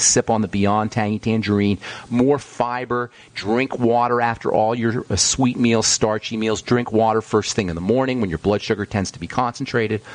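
A man hosting a call-in health radio show as a pharmacist, lecturing callers in an emphatic, sometimes ranting way. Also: fairly low pitch.

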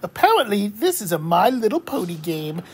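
A woman's voice: mid-range voice, very animated, normal speed, a little mellow, husky. A woman hosting a gaming channel, giving casual, jokey gameplay commentary with lots of exclamations.

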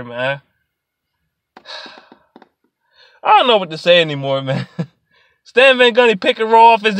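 A man delivering an angry, profane sports rant in a vlog, sliding between low muttering and sudden shouts. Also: expressive, unhurried, pauses often, no echo. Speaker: sports vlogger.

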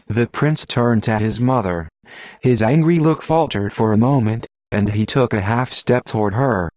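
A man reading an audiobook in a steady, measured narration. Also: fairly low pitch, no echo.

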